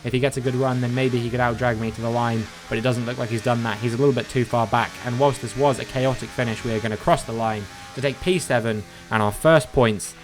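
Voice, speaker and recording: A man's voice: mid-range voice, quick pace, few pauses, over music. Man commentating racing game with exasperated bursts. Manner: animated, frustrated outbursts between steady play-by-play. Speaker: gaming commentator. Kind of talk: recap commentary over racing gameplay.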